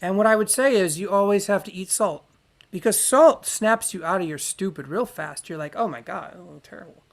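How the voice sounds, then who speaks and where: A man's voice: high-pitched, moderate pace. A man holding forth alone in an unscripted monologue. He swears freely and rants bluntly. His thoughts wander and restart as he works them out aloud. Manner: profane, ranting, frank; wandering, self-correcting delivery. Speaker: podcast host.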